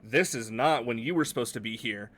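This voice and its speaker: A man's voice: mid-range voice, brisk, fairly bright tone, close to an everyday voice. A man voicing a frantic, panicking cloaked man obsessed with time, who repeats himself. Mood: agitated.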